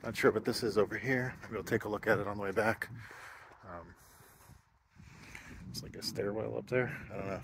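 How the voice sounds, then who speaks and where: A man's voice: on the low side, fairly even intonation, fairly quick, long pauses. Winded older man rambling on a hike. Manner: rambling, thinking aloud with fillers. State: out of breath. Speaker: hiking vlogger. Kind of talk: casual vlog narration. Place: outdoors on a wooded trail by a stream. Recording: noisy outdoor camera audio. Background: running water and nature ambience.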